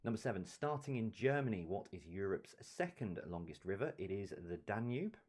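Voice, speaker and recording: A man with a deep, low voice works through a quiz round by round. He reads each question, gives the answer, and now and then drops in a relaxed aside. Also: normal speed. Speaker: quiz host. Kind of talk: live-streamed pub quiz answer reading.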